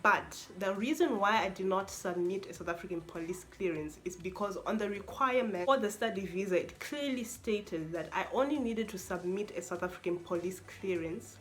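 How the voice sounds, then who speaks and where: A young woman, a university student, telling an expressive, exasperated story-time vlog with lots of repetition. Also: mid-range voice. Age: young adult.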